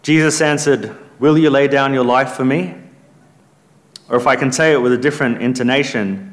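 Earnest male preacher delivering a sermon. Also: normal speed. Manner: earnest, emphatic, rises in pitch when quoting scripture.

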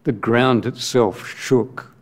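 A man preaching a sermon in measured, emphatic short phrases with long pauses, reading scripture aloud as he goes. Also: mid-range voice, fairly even intonation.

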